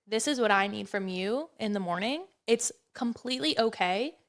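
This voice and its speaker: A woman's voice: on the high side, animated, moderate pace. A woman hosting a podcast, talking in a heartfelt, reflective way in casual conversation. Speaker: podcast host.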